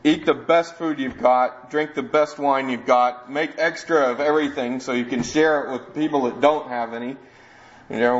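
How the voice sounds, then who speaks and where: A man teaching through a Bible passage verse by verse in a relaxed, conversational way, often restarting his phrases and adding asides. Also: medium pitch. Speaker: preacher. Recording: dull lo-fi sound.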